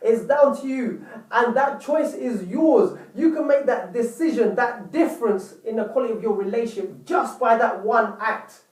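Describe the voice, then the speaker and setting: At normal speed, a man with a very high, slightly mellow voice gives earnest relationship advice to camera, repeating points and calling viewers "people." The mic is distant and the echoey room leaves him sounding off-mic.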